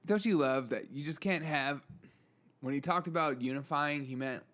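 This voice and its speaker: A man's voice: a little high, normal speed, fairly bright tone. A man hosting his own news commentary show, delivering sarcastic remarks and chuckling often between lines. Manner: chuckles often, mocking asides. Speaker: show host.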